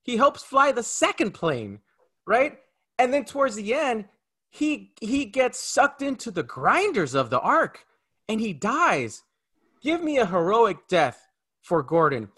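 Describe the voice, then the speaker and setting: Animated bright-voiced man ranting about a film. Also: sits high, unhurried, breathy edge. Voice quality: married. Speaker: film review podcast co-host. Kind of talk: casual film review chat.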